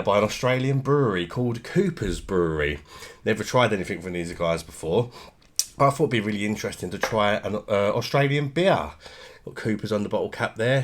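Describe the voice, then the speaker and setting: Man, low voice, casual vlog review, chatty, rhetorical tag questions. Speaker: beer reviewer.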